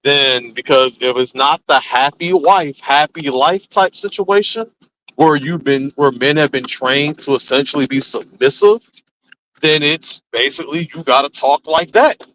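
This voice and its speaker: A man hosting a casual chat, telling stories with animated swings into quoted voices. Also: fairly high pitch, unhurried, a little hiss or hum, rough recording. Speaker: host.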